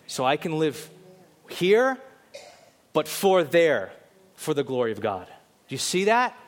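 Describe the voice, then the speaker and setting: A man preaching a sermon, swinging between loud, urgent exhortations and low, intense stretches. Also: very animated, takes it slowly. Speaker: pastor.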